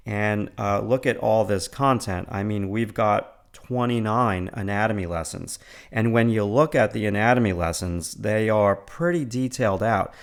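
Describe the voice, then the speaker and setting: A man's voice: lowish voice, vocal fry. A middle-aged man with a New York accent, an art instructor casually walking through his online lessons, enthusiastic and full of fillers and repeated words. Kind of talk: casual screencast walkthrough.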